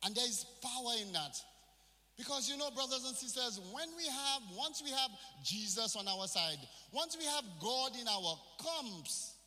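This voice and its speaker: A man's voice: very high voice, expressive, a little slow, bright, forceful tone. A male pastor preaching a sermon in a church, with call-and-response and phrases mixed in. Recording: reverberant church hall.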